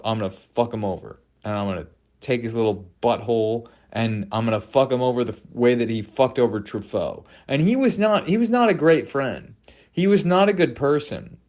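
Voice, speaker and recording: A man co-hosting a movie podcast, ranting in profane casual chat that swings from loud outbursts to quiet apologies, with many halting restarts. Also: mid-range voice. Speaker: podcast co-host.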